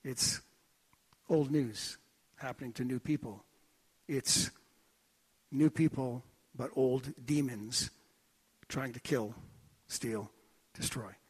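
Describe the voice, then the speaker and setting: A man preaching a sermon in a church, telling stories in an animated, joking way. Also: medium pitch, slow pace, pauses often, slightly rough. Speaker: pastor. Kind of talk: sermon with anecdotes.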